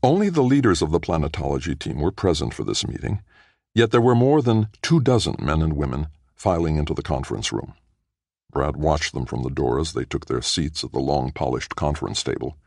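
A man narrating a science fiction audiobook in a measured, even storytelling manner. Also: rumbling low, gravelly, no echo, clean studio sound. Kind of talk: scripted narration.

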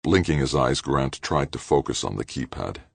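Deep, gravelly male audiobook narrator. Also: lively intonation, normal speed, dry recording. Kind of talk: scripted narration.

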